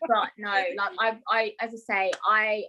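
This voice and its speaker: A woman hosting her own podcast in a relaxed, chatty way. Her voice sits at a middle pitch and she talks with easy enthusiasm, recorded at home. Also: measured pace, crowd noise. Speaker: podcast host. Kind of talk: casual chat. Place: home bedroom studio.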